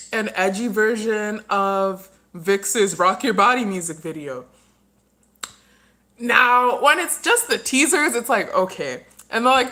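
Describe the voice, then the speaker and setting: A woman's voice: fairly high pitch, pushed and bright. A woman hosting a casual livestream, rambling through her opinions and talking while she eats. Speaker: livestream host.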